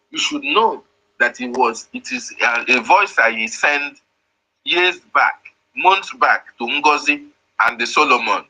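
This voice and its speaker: A man talks in a husky yet sharply bright voice. He explains things to his audience step by step and repeats key lines for emphasis. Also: medium pitch, poor audio. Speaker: online media commentator. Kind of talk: explanatory commentary.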